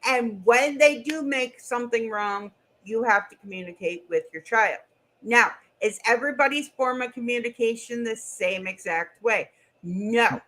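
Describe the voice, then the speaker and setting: A woman's voice: fairly high pitch, measured pace, a bit bright, rough recording. A middle-aged woman hosting a casual livestream chat, blunt and goofy, swearing freely. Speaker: streamer and co-host.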